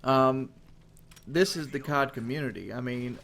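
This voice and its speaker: A man's voice: mid-range voice, a little slow, vocal fry, fairly bright tone, a little hiss or hum. A man giving a casual monologue as a gaming commentator, frank and rambling, with casual swearing.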